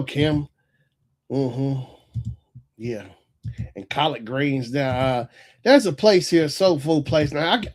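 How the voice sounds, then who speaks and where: A man from North Carolina, hosting a casual live stream in a relaxed, rambling way and often chuckling as he reads chat aloud. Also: a little high. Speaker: livestream host reading chat.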